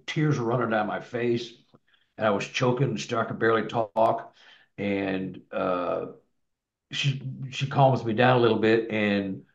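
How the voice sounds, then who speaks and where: Man, mid-pitched, casual rambling storyteller, lots of restarts; roomy, lo-fi recording. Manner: rambling, many restarts and repeated words. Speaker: guest telling his experiences. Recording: echoey, dull lo-fi sound.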